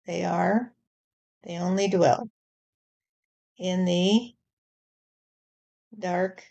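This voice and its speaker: God as a stern deity warning humanity, spoken by a woman who channels him. The delivery is very slow and measured, with a gravelly, creaky grain. The tone is dark and mellow, sitting a little low, and he keeps returning to "you see". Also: fairly even intonation, lo-fi sound, exaggerated voice. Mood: solemn. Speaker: spirit channeler. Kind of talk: channeled spirit message.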